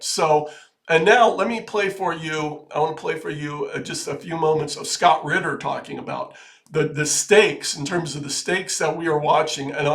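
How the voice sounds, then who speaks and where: A man hosting a video, giving casual political commentary in an earnest, halting way with many restarts that turns emphatic. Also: fairly high pitch, a bit bright. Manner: grows emphatic and urgent. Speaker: video host.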